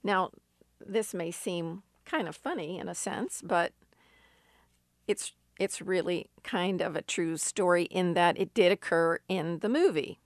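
A woman preaches a sermon at a slow, measured pace, with a slightly low voice. She tells stories with emphatic rises. The sound is close and dry. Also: dry recording. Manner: unhurried storytelling with emphatic rises.

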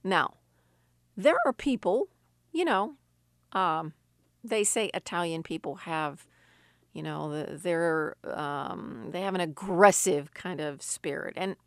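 A Christian woman who grew up in Sicily gives an earnest devotional teaching, reading scripture aloud. Her fairly low, expressive voice moves slowly, recorded in clean studio sound with no room sound.

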